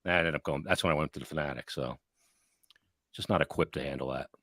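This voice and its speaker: Blunt, lively man with a bright voice. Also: rumbling low, quick pace, dry recording, studio quality. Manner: blunt, profane, animated storyteller. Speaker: podcast co-host. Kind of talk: casual sports talk.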